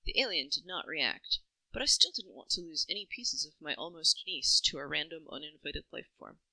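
A woman narrates a first-person story in a very bright, clear voice, reading evenly and reflectively. The sound is dry and close, with no room around it. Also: low-pitched, animated, moderate pace, dry recording, poor audio.

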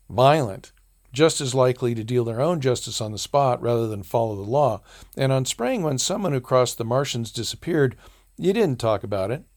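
A man reading a first-person story aloud as an audiobook narrator, in a measured, dry storytelling manner. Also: medium pitch, a little mellow.

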